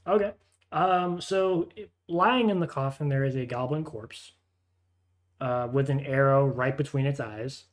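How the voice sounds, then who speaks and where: A man's voice: medium pitch, a little slow. A man narrating a tabletop game as game master, hesitant, with frequent fillers and restarts.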